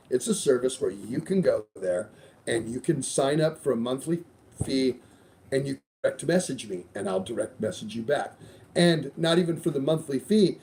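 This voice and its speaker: A man's voice: medium pitch, dark tone. A middle-aged man hosting a casual podcast, rambling loosely through sponsor reads with plenty of swearing. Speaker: show host.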